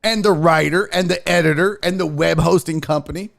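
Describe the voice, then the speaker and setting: A man's voice: a little high, brisk, gravelly, fairly bright tone. A man hosting a sports stream, ranting in a profane, exasperated way and mocking others in sing-song asides. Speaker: sports show host. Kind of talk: live-streamed sports rant.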